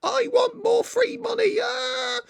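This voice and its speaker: Squealing whiny protester, shouty high falsetto, petulant and demanding. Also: male voice, flat delivery, takes it slowly, creaky, no room sound, full character voice. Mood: whining shout. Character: shrieking whiny angry young protester, mocked.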